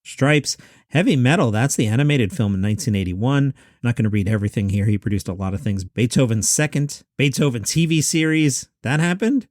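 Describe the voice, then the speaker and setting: A man's voice: medium pitch, darkish tone, dry recording, clean studio sound. Chatty wry man in his fifties. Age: 50s. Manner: chatty, wry asides and quick lists. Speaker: podcast host. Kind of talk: solo podcast commentary. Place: home room.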